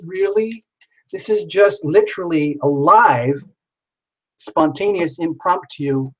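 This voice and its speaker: A man's voice: sits high, a bit bright, rough recording. A man hosting a live tarot stream, who talks playfully and jokes around with sing-song asides. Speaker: tarot reader hosting a livestream.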